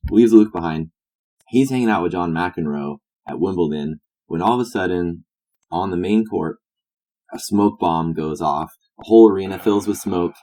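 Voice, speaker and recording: A man co-hosting a comedy podcast, rambling through a silly improvised pitch. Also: moderate pace, warm tone. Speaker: podcast co-host. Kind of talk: casual comedic chat.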